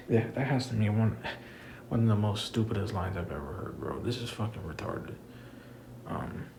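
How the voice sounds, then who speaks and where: A man's voice: on the low side, creaky, slight background noise. A young man in a casual, exasperated rant about wrestling, swearing a lot and calling the listener "bro". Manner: profane, exasperated, says "bro" often. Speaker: wrestling commentator vlogger.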